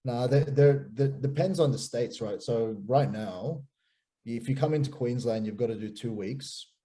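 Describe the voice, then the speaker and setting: A man in his thirties with an Australian accent, a pastor guest chatting casually and telling animated stories with many restarts. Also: medium pitch, moderate pace. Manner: animated storyteller, repeats and restarts words. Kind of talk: casual chat.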